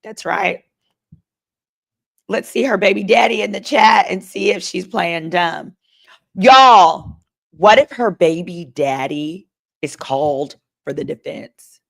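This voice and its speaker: A woman's voice: lowish voice, a little slow, vocal fry. A woman lawyer hosting a live stream, reading chat comments and giving sassy, chatty legal commentary.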